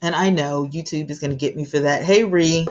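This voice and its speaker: A woman's voice: low voice, fairly even intonation, brisk, darkish tone, highs cut off, slight background noise. A woman hosting a casual livestream, chatty and emotional, greeting viewers by name as she talks. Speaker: livestream host.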